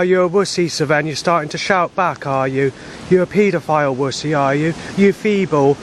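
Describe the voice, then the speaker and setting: A man's voice: mid-range voice, slight background noise. A man, rambling in an aggrieved personal monologue, swearing often and restarting his sentences. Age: 40s. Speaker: vlogger.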